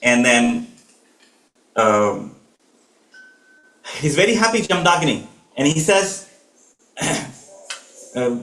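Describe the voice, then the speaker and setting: A man's voice: fairly high pitch, big pitch swings, slow, long pauses, fairly bright tone. A man telling a scripture story at a home gathering, earnest and often restarting his phrases. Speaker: spiritual storyteller. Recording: echoey room.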